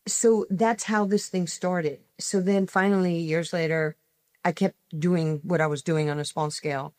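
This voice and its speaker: A woman in her sixties, a guest telling personal stories in an emphatic way, speeding up in quick bursts. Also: fairly low pitch, steady tone, a little mellow, no room sound, studio quality. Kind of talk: animated personal storytelling.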